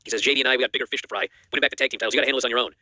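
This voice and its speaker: A man's voice: mid-range voice, no room sound. A man co-hosting a wrestling news show, recapping matches in a casual chat and acting out the quotes. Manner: rapid animated recap, acts out quotes.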